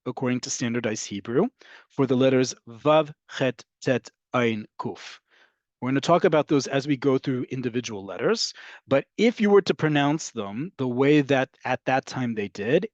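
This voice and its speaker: A man's voice: medium pitch, no echo, muffled recording. Man teaching an online class, dry sound. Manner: explanatory, frequent "right?" check-ins. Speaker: Hebrew teacher.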